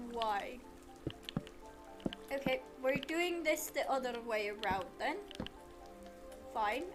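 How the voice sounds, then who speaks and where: A woman streamer giving casual commentary while building in a game, talking to the game and repeating herself when it won't cooperate. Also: sits high. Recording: game music playing underneath.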